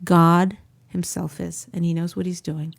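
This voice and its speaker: A woman's voice: on the low side, level tone, measured pace, vocal fry. A woman hosting an advice talk show, giving frank counsel and acting out sample conversations. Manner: gives frank advice, acts out sample dialogues.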